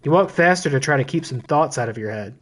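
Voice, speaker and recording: A man's voice: medium pitch, animated, fast talker, fairly bright tone. A man streaming a horror visual novel, reading the text aloud and breaking off into joking asides.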